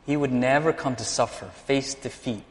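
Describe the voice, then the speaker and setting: A man's voice: medium pitch, normal speed. Man preaching in an echoing hall. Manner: animated preaching, acts out dialogue. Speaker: pastor. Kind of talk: sermon.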